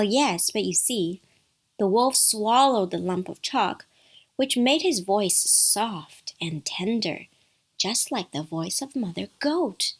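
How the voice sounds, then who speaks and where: A woman's voice: mid-range voice, breathy edge. A woman narrating a bedtime story with playful asides to the listener.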